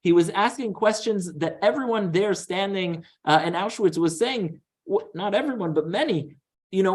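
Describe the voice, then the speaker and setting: A man, a rabbi, giving a synagogue lecture, talking earnestly with many fillers and restarts and dropping low and quiet for the stories he tells. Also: moderate pace.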